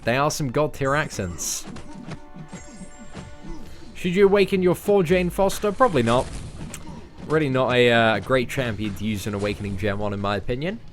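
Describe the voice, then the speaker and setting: A man's voice: medium pitch, normal speed, pauses often, faint music behind. A young English man streaming a mobile game, chatting casually and answering viewers' questions. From England. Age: young adult. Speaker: game streamer reading chat. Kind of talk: casual livestream chat.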